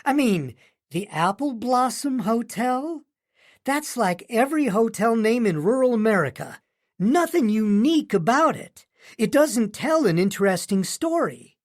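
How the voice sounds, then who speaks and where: A man voicing a proud, teasing young woman from a small town in an audiobook, bubbly and quick. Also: very high-pitched, very animated, voice pushed up, heavily acted. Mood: excited.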